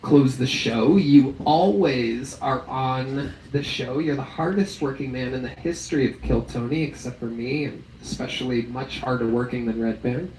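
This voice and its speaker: A man's voice: medium pitch, moderate pace, few pauses, darkish tone, recorded from a distance. A man hosts a live comedy show, needling his guest with sarcastic questions. He sits somewhat back from the mic in an echoey room with faint noise behind him. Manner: sarcastic, teasing interviewer. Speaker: host. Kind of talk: hosting a live comedy podcast.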